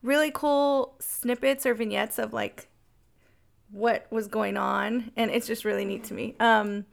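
A woman's voice: a little high, steady tone, measured pace, creaky. A woman co-hosting a podcast, chatting casually about songs with lots of filler words. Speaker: podcast co-host.

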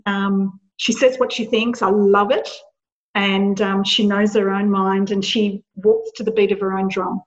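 A woman who is a podcast guest, chatting casually and telling stories in an animated way, often laughing. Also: medium pitch. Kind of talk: casual chat. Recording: dull lo-fi sound.

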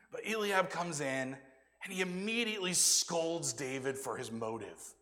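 A male pastor preaching a sermon, animated, then dropping to hushed asides and whispers. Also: fairly high pitch, measured pace. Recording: long reverb of a church hall.

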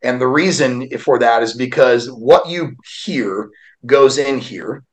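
A man's voice: medium pitch, takes it slowly, poor audio. A man in his forties, a podcast guest, telling an emotional personal story with an earnest, heartfelt delivery. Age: 40s.

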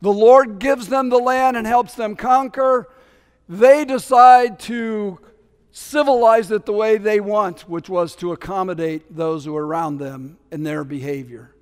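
This pastor's fairly high voice is clear and resonant, unhurried as he preaches with animation and a chatty manner. He performs the voices from scripture and drifts into offhand remarks, while a long reverb suggests a big sanctuary.

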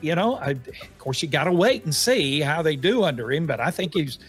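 A man's voice: on the high side, animated, a bit bright, breathy edge, soft background music. A man hosting a sports talk show, chatting casually with lots of fillers and restarts. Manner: halting, many fillers and restarts.

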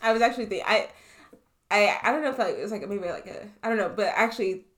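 A woman co-hosting a podcast in casual chat, chiming in with quick reactions. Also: medium pitch, fairly bright tone. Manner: quick reactive interjections, frequent laughter. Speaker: podcast co-host.

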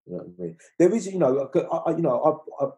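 Middle-aged guy rambling in an interview, dark husky voice, keeps saying you know what i mean. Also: on the high side, fast. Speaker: film crew guest. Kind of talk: casual interview chat.

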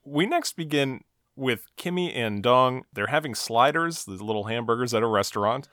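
A man's voice: medium pitch, lively intonation, moderate pace, a bit bright, no echo, studio quality. A man co-hosting a podcast, recapping a TV episode in casual chat with a wry, chuckling manner and frequent fillers.

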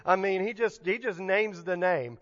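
A man's voice: high-pitched, moderate pace, long reverb tail, highs cut off. A male pastor preaching a sermon in a conversational, emphatic way, often restarting his sentences.

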